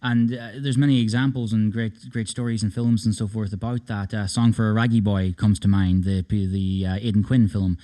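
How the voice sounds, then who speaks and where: A man hosting a live-stream interview, talking in an earnest, measured, agreeable way. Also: fairly low pitch, flat delivery, mellow. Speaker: host.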